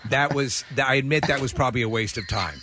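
A man's voice: mid-range voice, quick pace, very noisy. A man, co-hosting in casual chat and restarting his sentences often. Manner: chatty, stumbles over restarts. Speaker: radio show co-host.

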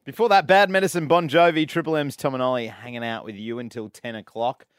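A man's voice: medium pitch, fairly even intonation, fast talker, clear, resonant tone, no echo. An Australian man hosting evening radio with a breezy, chatty style. His voice sits in the middle range and is recorded close and dry at a studio mic. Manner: breezy, announcing links and songs. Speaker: radio host. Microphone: studio microphone.

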